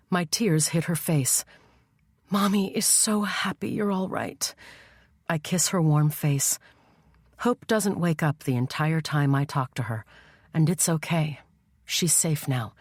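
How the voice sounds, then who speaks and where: A woman reading a first-person thriller audiobook in a measured, tense storytelling voice. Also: sits low, lively intonation, darkish tone, dry recording. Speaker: audiobook narrator. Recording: dry studio voice-over.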